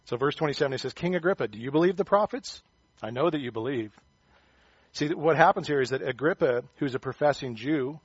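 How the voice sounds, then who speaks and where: A man's voice: medium pitch, husky, dry recording, muffled recording. A man preaching a sermon in a loose, conversational way, joking and acting out the voices of the people he quotes. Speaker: pastor.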